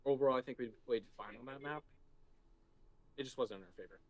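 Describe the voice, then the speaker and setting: A man's voice: medium pitch, fast talker. A man answering post-match interview questions as an esports player, hesitant and often restarting his sentences. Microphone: desk mic.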